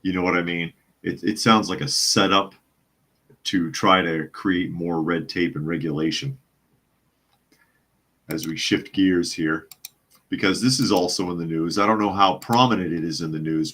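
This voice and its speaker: Wry, low-voiced male podcast host. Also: a bit bright. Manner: wry, chuckling, skeptical. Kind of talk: live news chat podcast reading viewer comments.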